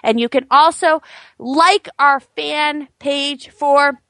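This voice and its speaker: A woman's voice: high-pitched, slow pace, fairly bright tone, no echo. A woman co-hosting a casual chat, laughing often and teasing her co-host. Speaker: podcast co-host.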